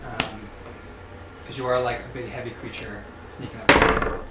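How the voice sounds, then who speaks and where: A man's voice: medium pitch, flat delivery, unhurried, reverberant, very noisy. A man running a tabletop game as game master, talking hesitantly with many fillers and restarts.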